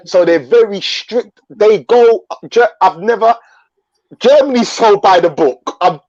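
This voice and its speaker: High-voiced London man, casual livestream. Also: unhurried, dull audio. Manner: animated storyteller, slangy. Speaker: livestream host. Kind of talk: casual live chat.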